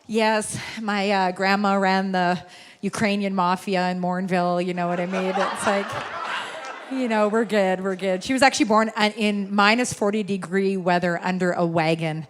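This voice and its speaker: A woman's voice: mid-range voice, steady tone, normal speed, slight background noise. A middle-aged woman from Alberta, Canada, giving chatty, laughing opening remarks as a guest preacher in a church. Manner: chatty, laughing, self-deprecating asides. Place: large church sanctuary. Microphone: handheld or stage microphone.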